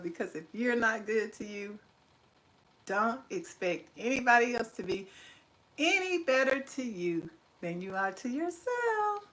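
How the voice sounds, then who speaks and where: A woman's voice: fairly high pitch, distant mic. A woman hosting a casual live stream, reading out chat comments, laughing easily and closing with a spiritual encouragement. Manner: chatty, laughs often, drawls words slowly; warm encouraging sign-off with spiritual talk. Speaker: livestream host.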